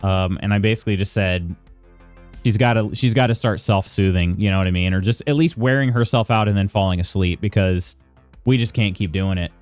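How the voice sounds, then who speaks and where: A man's voice: lowish voice, fairly quick, a little mellow, clear, resonant tone, soft background music. A man streaming live, chatting casually with viewers and greeting them by name while reading the chat aloud. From United States.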